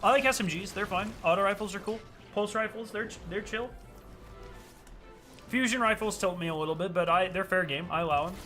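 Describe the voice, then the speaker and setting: A young man giving profane, excitable commentary while playing a game, trash-talking and bursting into yells. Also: sits high, a little fast, soft background music. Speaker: gaming video creator. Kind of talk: live gameplay commentary.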